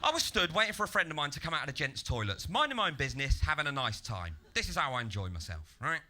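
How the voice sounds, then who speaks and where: Brief: male stand-up with a high, sharp, lively voice and deadpan delivery that turns into rants. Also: fast talker. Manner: deadpan setups that burst into loud, ranting act-outs. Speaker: stand-up comedian. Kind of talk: stand-up comedy set. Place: comedy club stage.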